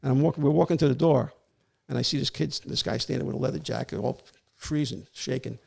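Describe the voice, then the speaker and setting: Telling a story in a laid-back interview, a retired police warrant officer, now an older man, speaks fast in a gravelly mid-range voice. He's animated and imitates the voices of the people he quotes.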